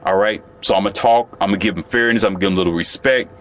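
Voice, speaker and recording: A man's voice: fairly low pitch, fast talker, a bit bright. A man telling a story to the camera in a casual, boastful monologue, often turning to the viewer. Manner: boastful, chatty, addresses viewer directly. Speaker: vlogger.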